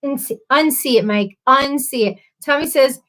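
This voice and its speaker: A woman's voice: high voice, moderate pace, a bit bright, rough recording. Giggly, rambling woman streamer. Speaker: livestream host. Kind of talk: casual livestream chat.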